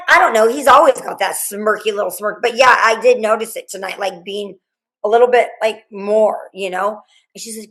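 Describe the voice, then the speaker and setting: A middle-aged woman being interviewed, recounting a frightening night in a rambling, halting way, full of restarts and quoted dialogue. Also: mid-range voice, a bit bright, rough recording. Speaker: guest, mother of a murdered student. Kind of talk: emotional interview storytelling.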